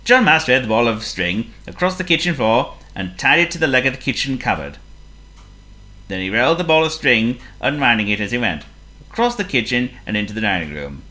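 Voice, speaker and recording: Brief: very low-voiced woman storyteller, bright tone, wildly lively delivery, playful questions to the listener. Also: brisk. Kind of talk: children's storybook reading.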